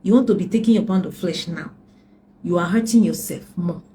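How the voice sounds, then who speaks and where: Earnest woman relationship coach, mellow voice. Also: on the low side, fairly quick, slight background noise, poor audio. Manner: earnest, repetitive, preacherly emphasis. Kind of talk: personal advice talk.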